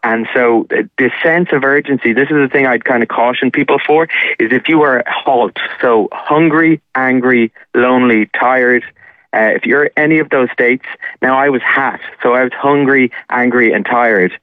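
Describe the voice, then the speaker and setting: A man's voice: medium pitch, normal speed, dry recording. A man tells his story at length, wandering and filling gaps with uh. His voice comes through a narrow, tinny phone line. The sound is dry, with no room around it. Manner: rambling, frequent uh fillers. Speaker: caller sharing a scam story.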